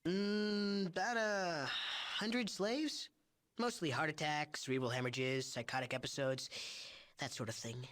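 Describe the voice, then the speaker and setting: A smug young game chemist, full of himself and sneering at everyone around him. The voice sits fairly high for a man, and he shrugs off cruelty in a light, offhand way. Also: steady tone, a little slow, fairly bright tone. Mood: boastful. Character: young arrogant male drug chemist. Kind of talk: video game voice acting.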